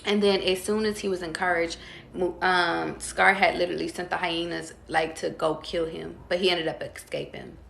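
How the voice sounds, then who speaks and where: Tarot reader, woman, calm and drawn-out delivery, low gravelly voice. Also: echoey room. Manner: calm, drawn-out, talks straight to viewers. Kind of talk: casual tarot reading.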